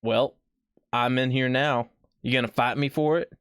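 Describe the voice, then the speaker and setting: A man's voice: mid-range voice, fairly even intonation, moderate pace, a bit bright, smooth, no room sound, studio quality, close to an everyday voice. A man voicing a belligerent, rowdy drunk male sports fan with a country accent, taunting and picking fights.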